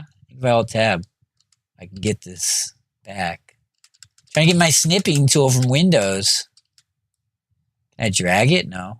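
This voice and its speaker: A man live-streaming a game, thinking out loud and answering his chat as he goes. His pitch swings up and down a lot while he talks, and faint music plays behind him. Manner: scattered, self-talking, reacting to chat. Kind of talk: casual live-stream commentary.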